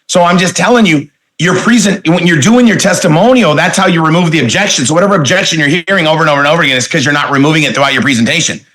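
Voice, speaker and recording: A man in his forties runs a motivational sales training, his voice bright and forceful and pitched a little high. He talks emphatically, tosses rhetorical questions at the room, and stretches words to show off inflection. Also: very fast, hardly any pauses, poor audio. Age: 40s. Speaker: network marketing speaker trainer.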